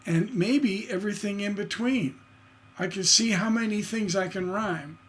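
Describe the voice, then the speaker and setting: A man's voice: high voice, unhurried, a bit bright. A man teaching songwriting on a livestream, enthusiastic and singing rhythm syllables to show his points. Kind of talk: livestream lesson.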